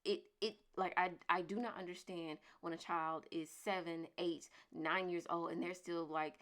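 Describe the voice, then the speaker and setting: A woman in her thirties talks straight to her viewers in a relaxed, chatty vlog. Her voice sits a little low, and she leans hard on her points, repeating them with force. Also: normal speed, hardly any pauses. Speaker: vlogger. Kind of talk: casual chat to camera.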